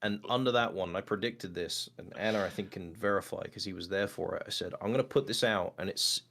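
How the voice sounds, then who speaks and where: A man with a somewhat low voice chats as a guest on an interview show. He tells animated stories about his voice work, and he often jumps into quoted voices. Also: fairly quick, creaky. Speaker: guest voice actor. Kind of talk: casual interview chat.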